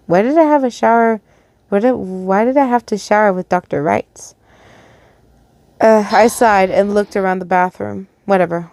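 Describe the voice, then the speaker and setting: A woman's voice: mid-range voice, a little mellow, dry recording. A woman reading a first-person fan fiction story aloud, stumbling over words and correcting herself, with casual asides.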